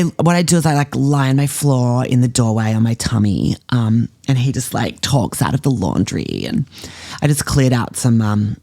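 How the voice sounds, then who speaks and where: A man's voice: medium pitch, creaky, a little mellow, dry recording, clean studio sound. A man playing a spoiled, self-obsessed teenage girl influencer with an Australian accent, chattering with whiny valley-girl fillers in a comedy podcast. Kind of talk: comedy podcast monologue in character.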